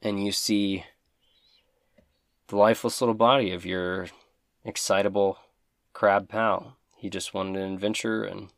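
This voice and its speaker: A man narrating a tabletop game as game master, in relaxed, descriptive storytelling. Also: on the low side, measured pace, long pauses, no room sound.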